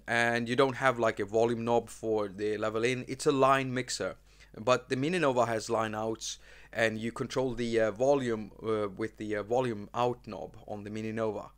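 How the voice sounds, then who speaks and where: A man hosting a relaxed live stream, talking at a middling pitch. He rambles and restarts his sentences, with plenty of ums along the way. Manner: rambling, many fillers and restarts. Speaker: host. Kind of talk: casual live-stream chat.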